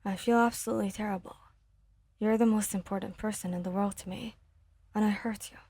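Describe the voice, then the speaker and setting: A woman voicing an earnest, guilt-ridden young man who apologizes anxiously and rushes his words. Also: mid-range voice, steady tone, mellow, husky, no room sound. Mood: apologetic.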